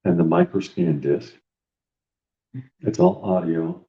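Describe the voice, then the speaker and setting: Deep-voiced man muttering over gear. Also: very animated, takes it slowly, vocal fry, warm tone, lo-fi sound. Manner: mutters to himself while setting up equipment. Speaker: paranormal investigator. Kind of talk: casual live-stream chat.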